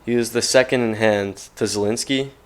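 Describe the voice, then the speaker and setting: A man's voice: medium pitch, fairly even intonation, normal speed, smooth. A man giving casual, rambling commentary to viewers, slangy and loose, full of fillers. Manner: slangy, rambling, heavy use of fillers like and bro. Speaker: vlogger.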